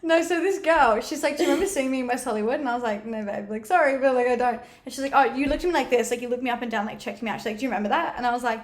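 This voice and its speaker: A woman's voice: high-pitched, rapid-fire, hardly any pauses. A woman, a guest in a casual chat, telling a story animatedly, acting out quotes and swearing freely. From Australia.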